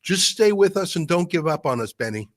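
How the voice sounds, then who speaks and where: A man from Canada, a guest commentator, explaining politics in a rapid, insistent way. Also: on the high side, big pitch swings, dry recording.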